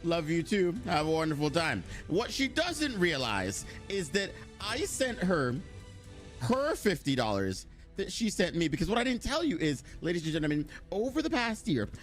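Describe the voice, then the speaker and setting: A man's voice: high voice, wildly swooping pitch, normal speed, faint music behind. A young man live streaming, chatting casually with his chat, rambling, joking and swearing freely.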